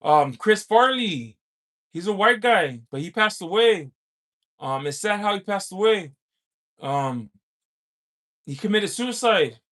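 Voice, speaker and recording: High-voiced, slow-talking man. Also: animated, a bit bright. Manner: halting, with many pauses and filler sounds. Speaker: livestream host. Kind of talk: casual chat, reading viewer comments.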